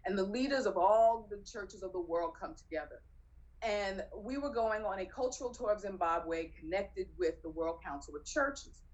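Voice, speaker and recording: A middle-aged woman performs a true personal story for an audience. She talks in an animated way and jumps up in pitch when she acts out the lines of the people in it. Her voice sits at an ordinary middle pitch for a woman. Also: low-quality recording.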